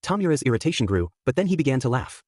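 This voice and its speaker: A man narrating a fan fiction story aloud in a brisk, expressive way. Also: mid-range voice, no room sound, clean studio sound.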